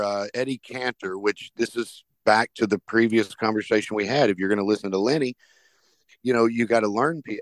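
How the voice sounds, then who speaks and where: A man hosting a podcast shares lively anecdotes in casual talk, acting out each quoted character. His voice is on the low side, with no room sound.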